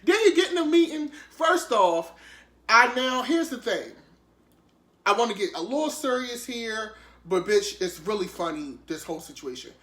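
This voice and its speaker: A sassy, animated man riffs on the news in casual comedic commentary, cursing freely and jumping to shrieking highs. His voice is bright and edgy, and it bounces around an echoey room. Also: normal speed. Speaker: commentary vlogger.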